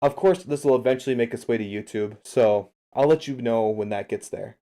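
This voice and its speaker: A streamer and game coach chats through a casual livestream replay analysis in a brisk, mellow, mid-range voice. He talks straight to his viewers and answers chat.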